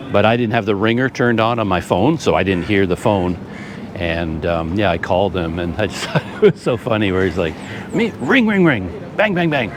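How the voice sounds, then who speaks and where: Chatty low-voiced man vlogging. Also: noisy background. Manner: chatty, rambling, amused storytelling. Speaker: travel vlogger. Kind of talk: casual chat to camera.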